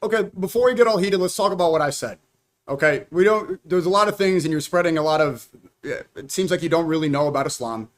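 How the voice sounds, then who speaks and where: Fast-talking young man in heated debate. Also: fairly high pitch, animated. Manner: insistent, keeps steering back to his point.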